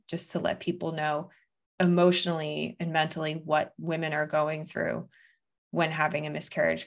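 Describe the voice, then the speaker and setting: A woman's voice: deep voice, gravelly. A woman in her thirties hosting a podcast, speaking earnestly and emphatically, with frequent likes and restarts. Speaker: podcast host. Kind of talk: candid conversation.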